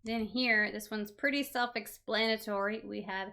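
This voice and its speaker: A woman gives a casual online language lesson in a slightly high, bright voice. She speaks slowly and patiently, pausing often to ask "right?" to keep her learners with her. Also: expressive. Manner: patient, reassuring explanations with frequent "right?" checks. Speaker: language teacher.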